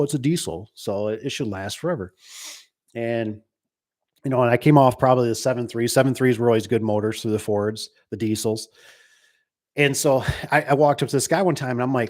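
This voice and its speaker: A man's voice: mid-range voice, darkish tone. A middle-aged man who runs a garage door business, chatting casually about trucks in a rambling way, full of restarts and acted-out quotes. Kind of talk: casual chat.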